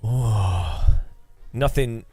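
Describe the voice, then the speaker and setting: A man's voice: lowish voice, drawn-out words, warm tone, soft background music. A man giving casual, sardonic commentary over a game he is playing, muttering asides at a desk mic. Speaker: gaming YouTuber.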